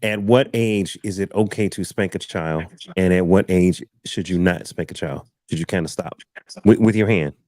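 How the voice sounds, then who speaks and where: Man, low voice, dry close sound, animated host, laughs often. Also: normal speed, no room sound. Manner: animated, laughs while telling stories. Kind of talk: casual panel chat.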